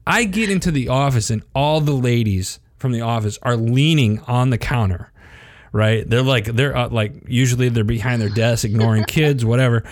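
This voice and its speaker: A man in his thirties tells a story in relaxed podcast chat. He laughs often and bounces his voice up when quoting people. His mid-pitched voice is recorded dry, with no room sound. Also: moderate pace, dry recording. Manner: animated, laughing, acts out quotes in a higher voice. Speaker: podcast co-host.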